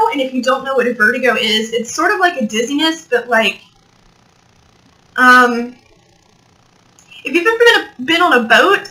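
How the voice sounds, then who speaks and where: A woman's voice: high voice, pushed and bright, rough recording. A young woman rambling and joking as she tells a story in a casual vlog, recorded without her mic plugged in. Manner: rambling, joking, swears, laughs often. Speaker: vlogger. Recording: built-in mic, mic not plugged in.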